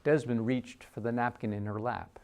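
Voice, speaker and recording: A man reading a literary short story aloud in a measured narrating voice. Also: mid-range voice, fairly even intonation, darkish tone, smooth. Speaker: reader.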